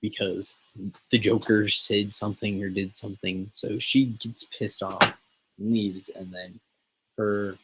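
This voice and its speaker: A man's voice: lowish voice, little pitch movement, measured pace, heavy background noise. A man hosting a casual show, rambling and swearing freely as he chats. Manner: profane, rambling, laughs often. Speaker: show host.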